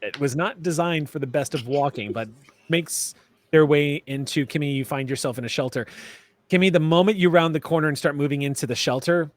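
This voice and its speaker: A man narrating a tabletop game as game master, relaxed and chatty with many fillers. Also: fairly high pitch, fairly quick.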